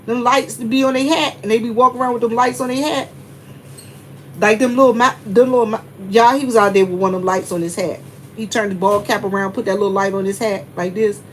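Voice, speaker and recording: A chatty middle-aged woman with a high voice tells a long story straight to her viewers. She keeps it animated, laughing and checking in with them, while a faint hum sits under the recording. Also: fast. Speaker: vlogger.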